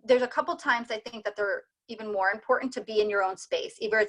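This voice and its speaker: Chatty woman doula, higher voice. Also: fast, a bit bright, rough recording. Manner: chatty, many fillers. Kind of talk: casual group chat.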